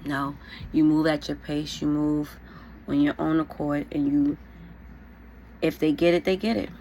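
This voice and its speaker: A woman's voice: deep voice, flat delivery, a little slow, dark tone, slight background noise. A young woman, telling a storytime vlog while getting ready, casual and frank, full of "like" and "you know". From New York. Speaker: vlogger.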